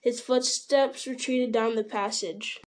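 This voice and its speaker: Woman narrator, storybook reading, steady delivery, fairly high voice. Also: slow.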